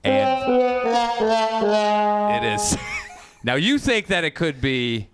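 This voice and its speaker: A man's voice: a little high, huge pitch swings, slow pace, a bit bright, soft background music. A man co-hosting a podcast in crude, joking casual chat, laughing often. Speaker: podcast co-host.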